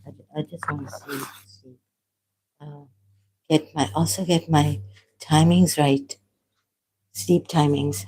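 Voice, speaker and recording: A tired woman from Pakistan talking alone on a livestream at home, halting and apologetic, often trailing off and restarting. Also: deep voice, steady tone, mellow, a little hiss or hum, poor audio. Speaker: livestream host. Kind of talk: rambling livestream monologue. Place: at home, making tea.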